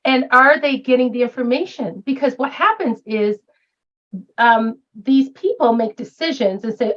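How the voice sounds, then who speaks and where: A woman's voice: on the high side, moderate pace, a bit bright, lo-fi sound. A retired woman professor speaking as a guest in a round-table discussion, emphatic and posing rhetorical questions.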